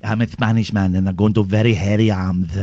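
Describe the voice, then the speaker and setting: Man putting on a low crooning Spanish lover. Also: little pitch movement, a little slow, dark tone, no echo, dull audio, lightly acted. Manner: mumbled mock Spanish accent, half-Spanish phrases.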